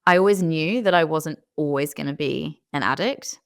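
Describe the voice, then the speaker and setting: A woman's voice: deep voice, moderate pace, no room sound, studio quality. A young woman telling her own story in a candid, reflective way as an interview guest. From United Kingdom. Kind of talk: casual interview conversation.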